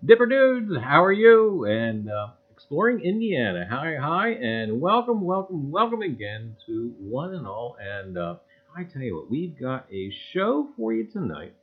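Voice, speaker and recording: A middle-aged man hosts a casual livestream with a folksy, rambling manner. His pitch sits a bit high and leaps around animatedly from word to word. The audio is thin and tinny, like a phone line. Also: big pitch swings, unhurried, slightly rough. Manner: folksy, greets viewers by name, repeats "I tell you what". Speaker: livestream host.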